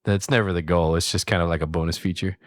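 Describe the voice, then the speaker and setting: Brief: man, podcast co-host, very low voice, teasing casual chat, dry studio sound. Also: steady tone, quick pace, no room sound. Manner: teasing, laughs often.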